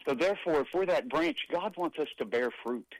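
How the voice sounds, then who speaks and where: A man from East Texas, a guest on a call-in ministry broadcast, talking in an excited, folksy way. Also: a little high, fairly quick, no room sound, rough recording.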